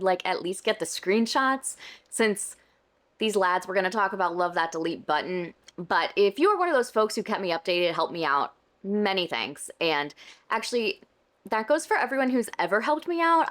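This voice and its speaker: A woman's voice: mid-range voice, fairly bright tone. A woman hosting a casual commentary vlog about book news, chatty and wry, her throat slightly scratchy. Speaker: booktube commentary host.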